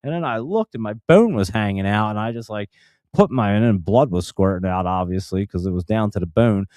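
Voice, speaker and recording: A man's voice: on the low side, animated, fairly quick, darkish tone, dry recording. A man telling a casual story in a rambling way, full of fillers and restarts. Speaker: stock channel host.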